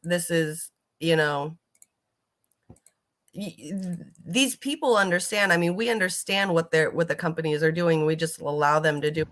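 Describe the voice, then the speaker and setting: A woman's voice: sits low, normal speed, fairly bright tone. A woman giving casual reaction commentary on videos, rambling with lots of fillers and casual swearing.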